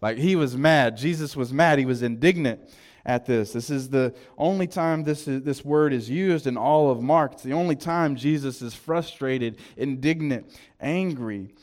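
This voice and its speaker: Southern male pastor, chatty sermon delivery, mid-pitched voice. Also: a little mellow. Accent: Southern American. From American South. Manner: conversational preaching, quick asides and restarts.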